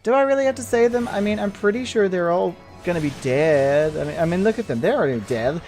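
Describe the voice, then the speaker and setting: A man giving casual, rambling gameplay commentary, excitable and laughing often as he plays. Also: high voice, fast, faint music behind. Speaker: gameplay video host.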